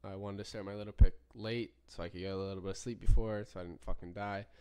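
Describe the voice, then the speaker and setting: Young male podcast host, lowish voice, casual and rambling, swears constantly, keeps restarting sentences. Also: steady tone, fast, dark tone, clean tone. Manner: rambling, profane, frequent self-corrections. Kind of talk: casual solo podcast storytelling.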